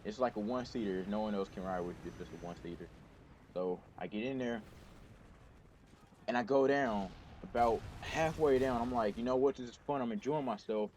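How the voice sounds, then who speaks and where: A man's voice: on the low side, darkish tone, a little hiss or hum. A young man hosting a gaming channel, casually telling a rambling personal story with lots of restarts and self-corrections.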